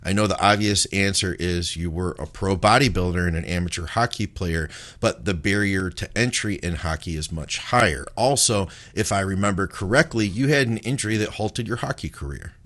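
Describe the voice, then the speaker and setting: A man's voice: deep voice, moderate pace, hardly any pauses, fairly bright tone. A man who produces and co-hosts a podcast, reading out listener questions in a laid-back way.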